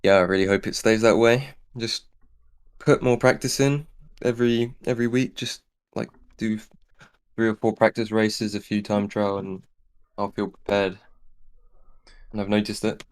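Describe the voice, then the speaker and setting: A man talking calmly in a casual post-race interview as the race winner, understated. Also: fairly low pitch, normal speed, clean tone. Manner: calm, understated.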